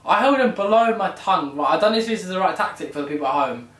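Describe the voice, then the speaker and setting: A young man chatting excitably and joking through a challenge vlog. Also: high voice, quick pace. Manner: excitable, chatty, jokey self-commentary. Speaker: YouTuber. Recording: echoey room with loud music behind.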